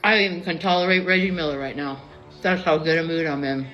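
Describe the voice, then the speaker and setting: A woman in her fifties, out of breath and excited, talking fast and swearing as a sports fan on a live stream. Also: low-pitched, highs cut off, soft background music. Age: 50s. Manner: excited, swearing, laughing between lines.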